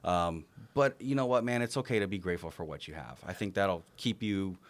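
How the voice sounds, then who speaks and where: A man's voice: low voice, fairly quick. A man co-hosting a podcast, telling stories in casual chat, acting out quotes and swearing freely. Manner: animated storytelling, swearing, acts out quotes. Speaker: podcast co-host.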